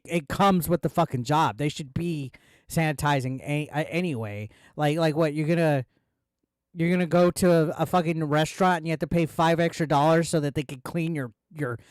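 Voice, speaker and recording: A man's voice: fairly high pitch, darkish tone, no room sound, studio quality. A man ranting on a casual live stream, heated, swearing a lot and repeating himself. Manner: profane, heated ranting with filler words.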